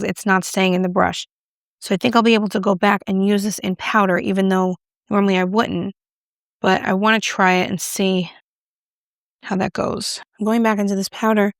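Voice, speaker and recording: A beauty vlogger with a medium-pitched voice talks casually to camera while doing her makeup, working through a product review. She's self-mocking and playful, and the sound is clean studio audio with no echo.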